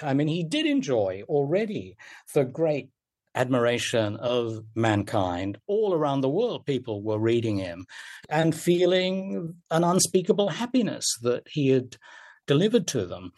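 An older man, a literary critic, speaking in a radio interview with emphatic, animated delivery and wide swings in pitch.

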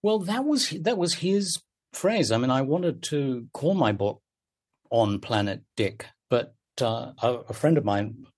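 Older guy critic on a radio interview, gets really animated, pitch jumps all over. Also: a little slow. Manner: animated, emphatic with wide pitch swings. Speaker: literary critic.

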